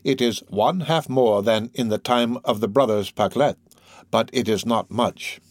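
A man reading an old novel aloud, voicing a severe older male archdeacon who speaks coldly and slowly, like a lecturer. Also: mid-range voice, no echo, close to an everyday voice. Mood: stern. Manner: cold, measured, lecturing.

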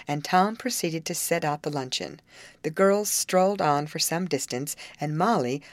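A woman reading a storybook aloud as narrator, in an expressive, measured way. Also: low voice, no room sound. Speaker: audiobook reader. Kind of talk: scripted narration.

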